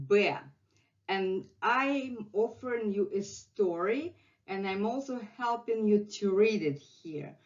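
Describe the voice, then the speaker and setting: A middle-aged woman with a Russian accent teaches a language lesson at a very slow, deliberate pace. She patiently repeats each word for her learners, and the lo-fi recording sounds dull. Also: medium pitch.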